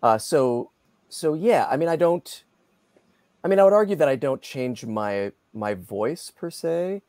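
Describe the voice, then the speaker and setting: A middle-aged man, a guest voice actor, chatting in an interview in a lively, self-deprecating way with many restarts. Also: on the high side, a little slow, dry recording. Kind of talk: casual interview chat.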